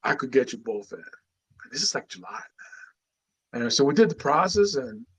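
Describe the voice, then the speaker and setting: Casual, animated storytelling man. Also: mid-range voice, normal speed, slightly rough, poor audio. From Guatemala. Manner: animated, street-casual storyteller, acts out quotes, many "you know"s. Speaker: guest, retired Marine sergeant major. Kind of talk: casual storytelling in a podcast interview.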